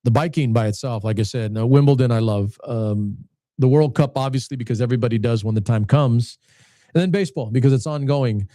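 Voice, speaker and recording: A man's voice: mid-range voice, fairly quick, warm tone, dry recording, studio quality. A man in his late fifties, a channel host, talking casually to his viewers in a rambling way with frequent restarts and repeated words. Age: 50s. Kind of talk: casual talk to camera.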